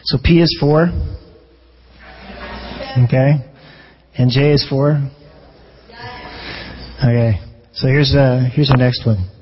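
A man's voice: mid-range voice, steady tone, takes it slowly, long pauses, highs cut off, slight background noise. A man preaching a sermon as a pastor in a conversational way, often restarting phrases and asking rhetorical questions.

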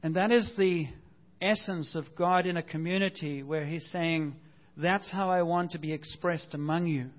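A man's voice: a little high, steady tone, moderate pace, highs cut off. A man preaching a sermon as pastor, earnest and conversational, asking the congregation rhetorical questions.

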